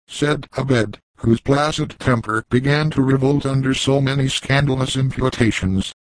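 A man narrating a classic novel as an audiobook in a measured, even way, close to the mic. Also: medium pitch, dry recording, rough recording. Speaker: audiobook reader.

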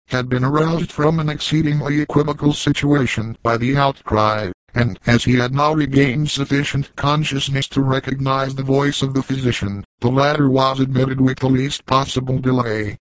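A man narrating an audiobook in a steady, measured reading, in a dry, close sound. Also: medium pitch, no room sound, poor audio.

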